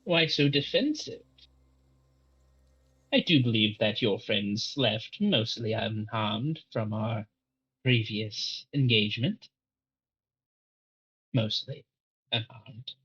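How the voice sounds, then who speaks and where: Old hag, scheming and mocking, played by a man, slow and breathy. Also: fairly low pitch, animated, fairly bright tone, muffled recording, full character voice. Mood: teasing. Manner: sly, taunting.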